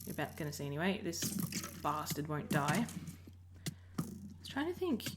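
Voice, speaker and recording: A woman's voice: deep voice, sing-song, normal speed, heavy background noise. An Australian woman giving casual commentary over her recorded gameplay, rambling and often breaking off mid-sentence. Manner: rambling, self-interrupting, chatty. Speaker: Minecraft let's player.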